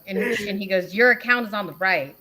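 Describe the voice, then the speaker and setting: A woman's voice: mid-range voice, fairly quick, a crowd in the background. A woman hosting a casual livestream who reads out a message exchange and laughs often as she retells it. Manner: laughs often while reading, animated retelling. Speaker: host reading out a message exchange.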